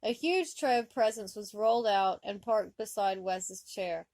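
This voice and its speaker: A woman reading fan fiction aloud, with expressive comic narration. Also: mid-range voice, measured pace, no echo. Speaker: story reader.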